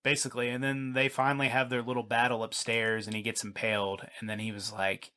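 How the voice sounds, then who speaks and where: A man's voice: mid-range voice, flat delivery, fairly quick, pushed and bright, clean tone. A man co-hosting a podcast, chatting casually about a movie and recapping its scenes in a rambling, swearing way. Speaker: podcast co-host. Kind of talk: casual movie review chat.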